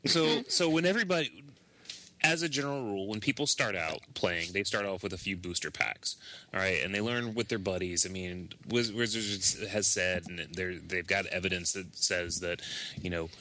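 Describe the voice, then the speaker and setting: A man co-hosts a casual podcast in a low, bright and forceful voice. He explains his points in a relaxed, loosely phrased way. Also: normal speed. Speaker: podcast co-host.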